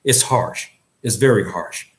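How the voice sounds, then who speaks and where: A man's voice: on the low side, measured pace. A man giving an Islamic lesson in English, earnest and emphatic, often repeating himself and restarting his sentences. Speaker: religious teacher.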